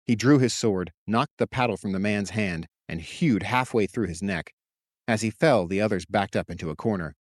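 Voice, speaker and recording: A man reading his own story aloud in steady, measured audiobook narration. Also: on the low side, no echo, clean studio sound. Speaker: author and narrator.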